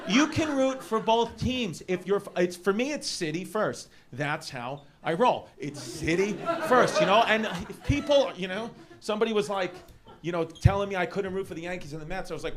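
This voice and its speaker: A man's voice: sits high, expressive, a little fast. A man with a New York accent doing a brash, rambling stand-up set in a comedy club. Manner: rambling, brash, riffing on tangents. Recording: noisy club with roaring crowd. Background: loud audience laughter.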